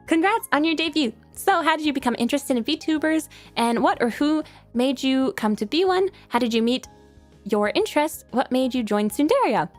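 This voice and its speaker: A young woman with a high voice rambles through viewer questions in a loose, giggly chat, often poking fun at herself. Faint music plays under her talk. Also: lively intonation, normal speed. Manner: giggly, rambling, self-deprecating. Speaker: streamer.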